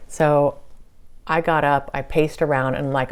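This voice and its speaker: Low-voiced woman recounting a channeling session. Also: a little slow, clear, resonant tone. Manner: animated retelling with quoted dialogue. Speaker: channeler and vlogger. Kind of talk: casual storytelling monologue.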